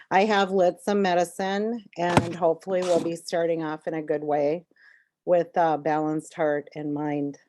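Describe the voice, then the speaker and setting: Calm woman guest, low mellow voice, gentle welcome. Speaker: panel guest. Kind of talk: casual welcome on a video call. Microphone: video call.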